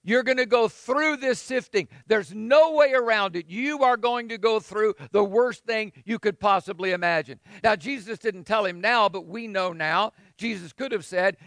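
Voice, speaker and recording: High-voiced man preaching a sermon. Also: moderate pace, hardly any pauses, a bit bright, no echo. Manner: conversational preaching, acts out quoted lines. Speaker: pastor.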